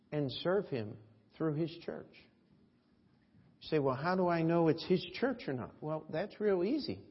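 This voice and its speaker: Pastor guy preaching, kinda husky, big echoey church, muffled lo-fi sound. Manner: preaching with emphatic swings in pitch and loudness, folksy anecdotes. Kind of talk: sermon. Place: church sanctuary. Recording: echoey church hall, dull lo-fi audio.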